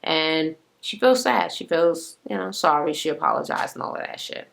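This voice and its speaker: A woman recapping a reality show in a loose, swearing rant from home. She talks casually and animatedly, slipping into a raised, mocking pitch whenever she quotes someone, with plenty of "like" and asides. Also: normal speed, vocal fry. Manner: profane, animated, acts out quotes in a higher pitch. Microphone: camera mic.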